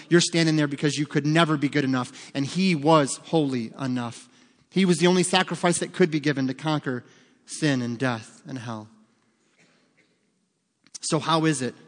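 A man's voice: fairly high pitch, in a large hall. A man preaching a sermon as pastor, earnest and emphatic, asking rhetorical questions.

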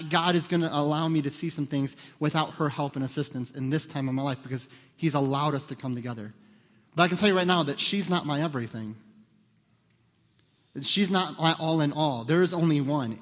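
A male pastor preaching a sermon, then leading a closing prayer, his earnest delivery swelling loud and falling soft. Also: a little high, fairly quick, big-room sound. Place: church sanctuary.

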